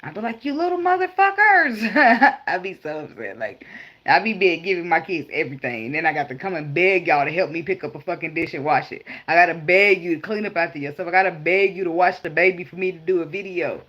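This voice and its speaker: This woman's voice sits on the low side and moves fast, captured in a muffled recording. Giving a casual tarot reading for her spiritual advice vlog, she discusses parenting in blunt, profane terms, laughing through animated stories.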